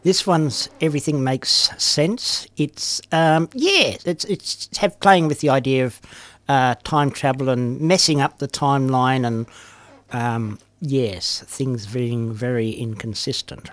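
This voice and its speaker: A man's voice: medium pitch, takes it slowly, a bit bright. A man, a poet, talking about his work in an interview, with frequent ums and restarts. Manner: hesitant, lots of ums, restarts. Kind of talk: reading own poems and chatting in interview.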